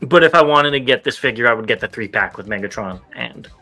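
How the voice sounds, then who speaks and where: A man co-hosting a casual toy news show, running through items with quick, relaxed asides. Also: medium pitch, soft background music. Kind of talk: casual chat.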